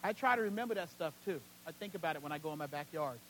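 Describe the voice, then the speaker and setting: A pastor preaching a sermon in a church, swinging between loud, urgent peaks and hushed, low passages. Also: male voice, lively intonation, very fast, slight background noise, poor audio. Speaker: senior pastor.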